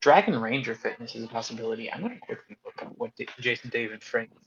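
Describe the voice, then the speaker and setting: A man's voice: mid-range voice, lively intonation, fast talker, vocal fry, crowd noise. A man playing a tabletop game, eagerly brainstorming ideas aloud. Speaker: player. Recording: dull lo-fi audio.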